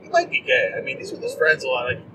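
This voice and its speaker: A man co-hosting a podcast, chatting casually about movies in a rambling, animated way and acting out quotes in mocking voices. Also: mid-range voice, fast talker. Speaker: podcast co-host. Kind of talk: casual movie-review chat. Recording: distant mic with clear background noise.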